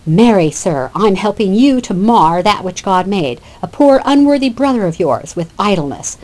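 A woman's voice: medium pitch, expressive, normal speed, lightly acted, poor audio. A woman reading the lines of a proud, sarcastic young male hero from an old verse play.

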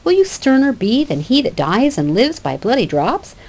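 A woman voicing a lovesick young male shepherd who pleads in high, lively verse. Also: moderate pace. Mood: pleading.

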